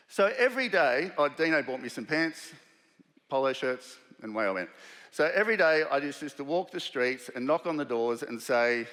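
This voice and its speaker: A keynote speaker with an Australian accent tells a personal story to a live audience, acting out the voices of the people in it. His mid-range voice is fairly bright at a moderate pace, and the recording carries long hall reverb.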